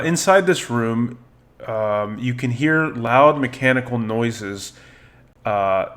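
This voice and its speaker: A man narrating as dungeon master of a tabletop game, unhurried and peppered with ums and uhs as he describes each scene. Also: on the low side, a bit bright.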